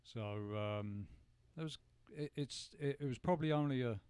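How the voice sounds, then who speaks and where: A man's voice: mid-range voice, moderate pace, a little mellow, clear, resonant tone, no echo. A British man co-hosting a radio talk show, recounting a police story with many hesitations. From United Kingdom. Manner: hesitant, many fillers, frequent yeahs. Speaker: radio co-host.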